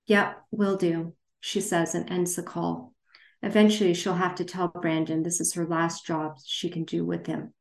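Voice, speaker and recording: Lower-voiced woman author with a roomy echo. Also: level tone, normal speed, gravelly, a little mellow. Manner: hesitant, many fillers and restarts. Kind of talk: reading her novel aloud, then interview answers. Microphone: video call.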